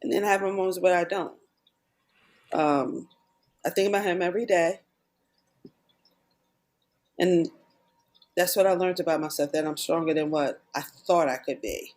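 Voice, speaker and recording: A woman's voice: fairly low pitch, moderate pace, pauses often, darkish tone. A middle-aged woman talking earnestly as a podcast guest, often retelling conversations in quoted bursts. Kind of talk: candid personal conversation.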